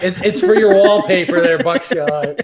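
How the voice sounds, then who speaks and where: A man's voice: sits high, normal speed, reverberant, over a noisy crowd. A man in a casual online group chat, joking around and stumbling over his words.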